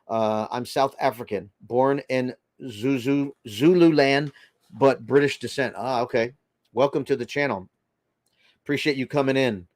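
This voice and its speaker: A man's voice: medium pitch, unhurried, a little mellow, dry recording, studio quality. An older man hosting a casual livestream, chatting loosely and reading viewer comments aloud. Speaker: livestream host reading chat.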